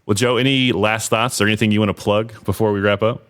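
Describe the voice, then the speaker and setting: Deep-voiced chatty male podcast host. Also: fairly even intonation, fast, a bit bright, dry recording, studio quality. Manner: chatty, loose, trails off and restarts. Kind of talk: casual podcast interview.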